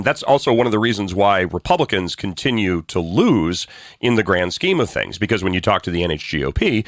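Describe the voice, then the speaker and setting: A man's voice: fairly low pitch, sing-song, a little fast, no echo, clean studio sound. A man co-hosting a political talk show, blunt and sarcastic, ranting with frequent restarts. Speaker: co-host.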